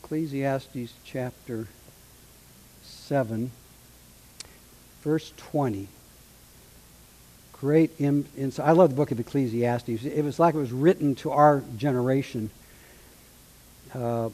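A man's voice: medium pitch, slow, pauses often, mellow, poor audio. A man preaching a sermon as a pastor, reading scripture aloud with drama and dropping in dry, sarcastic asides.

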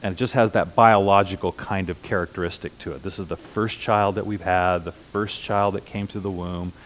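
A middle-aged man with a slightly low voice delivers a sermon to his congregation. He teaches in a conversational way, slowing down and repeating key phrases for emphasis. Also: fairly even intonation, a little hiss or hum. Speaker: pastor.

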